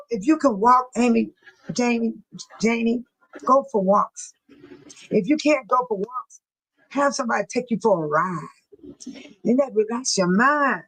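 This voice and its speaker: A woman's voice: on the high side, a bit bright, rough recording. A middle-aged woman, hosting a casual livestream chat, laughing often and reading out viewer comments. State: laughing to tears. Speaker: livestream host.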